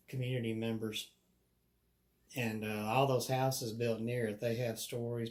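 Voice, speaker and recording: A man's voice: medium pitch, a little mellow. Man telling ghost stories. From Alabama. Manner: chatty, laughs often, acts out voices in stories. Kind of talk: casual storytelling.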